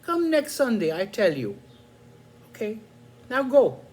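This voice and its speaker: A man's voice: high voice, huge pitch swings, measured pace, a little mellow, pitched above the performer's own voice, exaggerated voice. A man quoting a terse elderly woman who answers in blunt, few words, in his own voice. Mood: curt.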